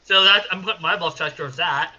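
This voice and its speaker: A man playing a tabletop game, making quick, eager bargaining pitches. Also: pushed and bright, highs cut off. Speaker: player. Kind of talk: tabletop role-play.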